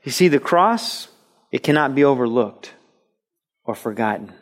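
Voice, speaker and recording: A man preaching a sermon with emphasis, repeating phrases and moving between loud and quiet passages. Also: mid-range voice, expressive, unhurried.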